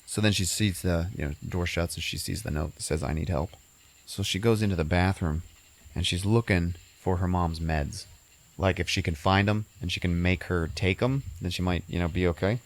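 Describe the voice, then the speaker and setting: Low-voiced man rambling through a movie recap. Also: moderate pace. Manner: rambling, swears casually. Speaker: podcast host. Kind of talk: casual film recap.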